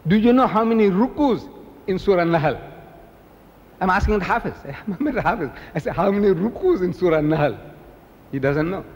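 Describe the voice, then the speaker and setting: An older man from South Africa giving an animated public lecture, telling stories and mimicking the people in them. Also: sits high, normal speed, in a large hall. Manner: animated storytelling, mimicking others. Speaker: preacher.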